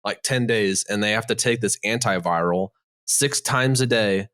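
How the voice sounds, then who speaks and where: A man's voice: on the low side, moderate pace, fairly bright tone, dry recording, studio quality. A man co-hosting a casual podcast, talking in a rambling way with lots of "like" and "literally". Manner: rambling, heavy use of "like" and "literally". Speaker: podcast co-host.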